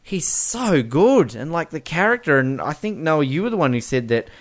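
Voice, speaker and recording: A man's voice: a little high, big pitch swings, moderate pace. A man co-hosting a film podcast, chatting casually and enthusiastically with frequent fillers, restarts and playful impressions. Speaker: podcast co-host.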